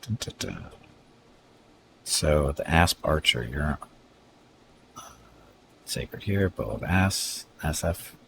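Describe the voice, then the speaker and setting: Brief: male game streamer, extremely low voice, relaxed chat with viewers. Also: slow, vocal fry, pauses often, slight background noise. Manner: reads unit stats aloud, chats with viewers. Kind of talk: casual live-stream commentary.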